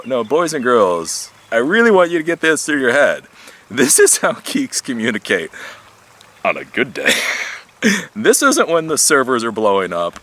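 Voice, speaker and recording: A tech YouTuber speaks in a mid-range, slightly bright voice. Hosting his own channel, he rambles casually and with energy outdoors in a monologue vlog, occasionally swearing and laughing.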